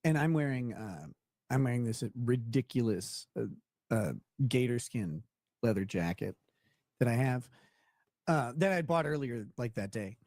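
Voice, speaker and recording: A man's voice: medium pitch, lively intonation, unhurried, darkish tone, no echo, clean studio sound. Rambling young man telling a story. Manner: rambling, restarts, laughs at own story. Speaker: show host. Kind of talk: casual storytelling chat.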